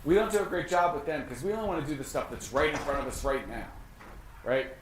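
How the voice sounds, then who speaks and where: A man giving an energetic, conversational information session, often acting out short exchanges with clients. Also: a little high, quick pace. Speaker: real estate brokerage leader. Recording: echoey room with faint noise.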